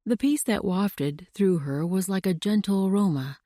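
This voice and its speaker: Low mellow woman narrating. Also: measured pace, dry recording, clean studio sound. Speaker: audiobook narrator. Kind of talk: scripted narration.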